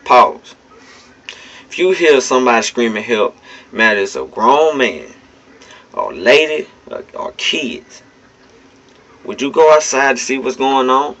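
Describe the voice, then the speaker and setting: Recorded on a phone with dull, lo-fi sound, a male vlogger talks directly to his audience in a blunt, emphatic, casual way, swearing now and then. His medium-pitched voice is very animated, a bit bright, and measured in pace.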